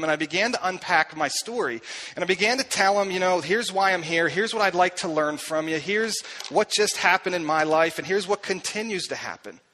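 A pastor delivers a sermon story in a fairly high, bright, forceful voice. He is earnest and confessional, and he sinks to a hushed tone whenever he quotes someone. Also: slight background noise, rough recording. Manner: earnest, confessional, drops soft and quiet when quoting.

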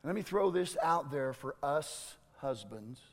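A man preaching a sermon as a pastor, emphatic and exclamatory, with dramatic shifts between loud and hushed delivery. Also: a little high, expressive, measured pace, in a large hall.

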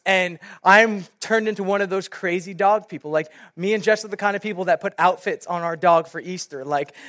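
A young man preaching to a youth group, reading scripture, praying and telling a casual personal story with animated bursts. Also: high voice. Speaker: youth pastor. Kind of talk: sermon with prayer and personal story.

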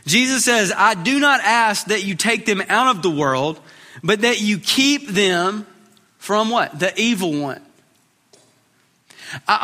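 Man, pastor, sermon, high bright voice, earnest, long hall reverb. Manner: earnest, repeats words when starting phrases.

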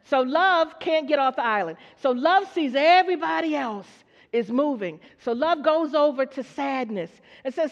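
A woman preaches at a measured pace in a high voice with lively intonation, asking her congregation questions call-and-response style. She brings her story's characters to life in quoted voices. It's a dull lo-fi recording made in a church hall with long reverb.

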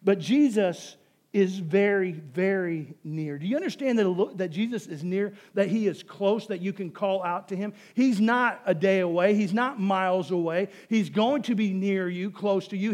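A man's voice: high voice, darkish tone. A man preaching a sermon as a pastor, in a conversational way with rhetorical questions.

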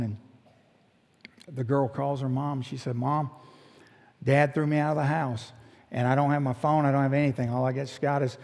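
Gravelly middle-aged preacher, reverberant hall. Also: male voice, mid-range voice. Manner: animated storyteller, voicing the people in his story. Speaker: pastor. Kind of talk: sermon storytelling.

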